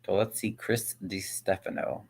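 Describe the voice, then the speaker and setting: A man's voice: deep voice, flat delivery, measured pace, gravelly, a little hiss or hum. A man hosting a casual reaction vlog, muttering and thinking aloud as he browses clips. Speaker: host.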